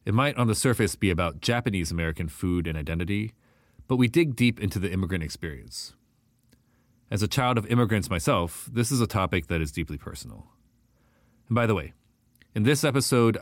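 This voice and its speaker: A man's voice: low voice, dry recording, clean studio sound. A man hosting a podcast in a casual, laid-back way, dropping hip-hop slang. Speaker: podcast host.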